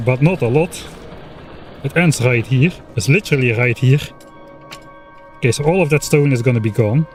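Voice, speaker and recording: A man of medium pitch chats casually while playing a game, thinking aloud and pausing on filler words. He speaks close to a desk microphone, with faint music playing underneath. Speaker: streamer. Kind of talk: casual gameplay commentary.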